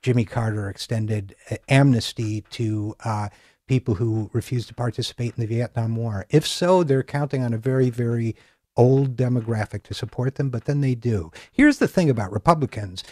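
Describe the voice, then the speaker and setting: A middle-aged man hosts a political commentary show and reads a scripted monologue. His tone is sarcastic and mocking. His voice sits at an ordinary middle pitch, and the recording is dry and close. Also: normal speed, darkish tone, dry recording. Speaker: political talk show host.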